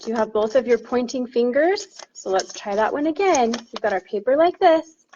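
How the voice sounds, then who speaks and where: A woman's voice: on the high side, lively intonation, moderate pace, dark tone, muffled recording, slight background noise. A woman leading a children's song lesson in a sing-song teacher voice, demonstrating a paper-folding activity. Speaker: primary chorister.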